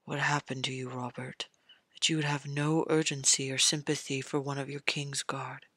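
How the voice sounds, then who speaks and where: A podfic narrator voicing a worried middle-aged lord who speaks low and urgently, sometimes in a hushed whisper. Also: little pitch movement, measured pace, no room sound, clean studio sound, close to an everyday voice. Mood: troubled.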